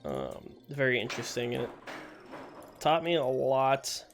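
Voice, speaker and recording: A man of middling pitch chats loosely while he plays, cracking jokes and laughing at his own mistakes. He talks into a desk mic over game music and bursts of gunfire. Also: very animated, measured pace. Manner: chatty, joking, laughs often at himself. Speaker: gameplay streamer. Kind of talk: casual let's-play commentary.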